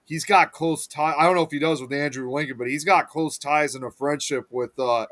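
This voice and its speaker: A man's voice: on the high side, a little fast, fairly bright tone. A man in a casual film podcast chat, chatty and wandering off on tangents. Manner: chatty, digressive.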